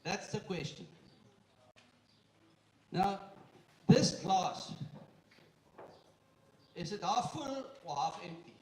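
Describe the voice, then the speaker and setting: Man, high-pitched, chairman welcoming an audience, joking, halting; recorded from afar with faint noise. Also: very animated, a little mellow. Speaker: company chairman giving a welcome speech. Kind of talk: live event welcome speech. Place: indoor event room with an audience. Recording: echoey room, far from the mic, faint noise.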